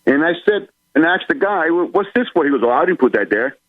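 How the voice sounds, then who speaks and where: A man's voice: a little high, very animated, fast, no echo. A male caller on a talk radio show, speaking in an urgent, plain-spoken, warning way. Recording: tinny phone line.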